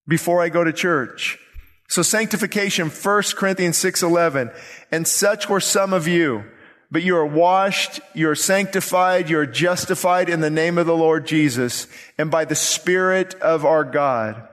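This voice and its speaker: A man, a pastor, preaching a sermon in an animated way, acting out the voices of the people he quotes. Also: fairly high pitch, normal speed, faint music behind. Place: church sanctuary. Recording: church hall reverb.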